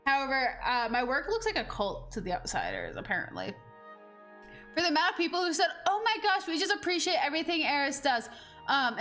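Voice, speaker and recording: A young woman chatting casually while she plays a game, her voice high and ringing. She rambles through her stories with lots of "like" fillers, and soft music sits faintly underneath. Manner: rambling storyteller, heavy on "like" fillers. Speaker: gaming streamer. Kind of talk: casual chat over gameplay.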